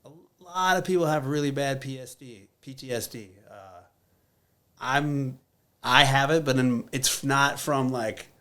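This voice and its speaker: A man's voice: mid-range voice, a little slow, fairly bright tone. Blunt, profane man telling a story. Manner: blunt, profane, many filler words. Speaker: guest. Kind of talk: candid conversational storytelling.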